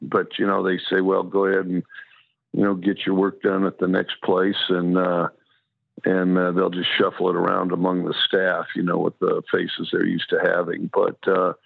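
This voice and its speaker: Gravelly guy w a wyoming drawl, low voice, tinny phone line, lots of uh and you know. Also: monotone. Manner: halting, many fillers and restarts. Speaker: college football coach, guest. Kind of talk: phone interview.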